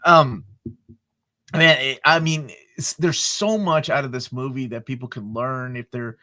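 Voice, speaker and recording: A man's voice: mid-range voice, measured pace, bright, forceful tone. A man who teaches film, co-hosting a casual film discussion and talking in an enthusiastic, emphatic way.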